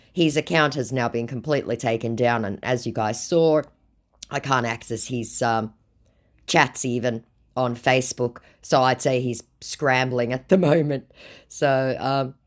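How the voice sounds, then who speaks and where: A woman host telling a story in a dry, sarcastic way, reading out scam chats. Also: very deep voice. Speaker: scam baiter, channel host. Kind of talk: casual storytelling to camera.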